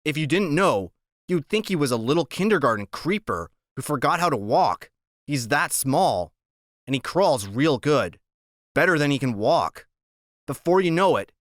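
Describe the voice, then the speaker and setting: A man reads a first-person audiobook in a casual, plain-spoken way. His voice is bright and forceful, with an animated melody. The studio sound is dry and close to the microphone. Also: mid-range voice, no echo. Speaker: audiobook narrator.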